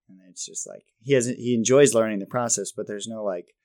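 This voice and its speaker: A man in his thirties co-hosting a podcast, chatting casually and rambling, self-deprecating and quick to laugh. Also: lowish voice, fairly even intonation, darkish tone, no room sound, clean studio sound. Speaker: podcast co-host. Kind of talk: casual chat.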